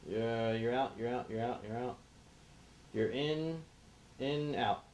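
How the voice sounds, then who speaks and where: A man calmly calling short framing cues behind the scenes. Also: medium pitch, takes it slowly, slight background noise. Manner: calm, brief framing calls. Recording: dull echoey set audio.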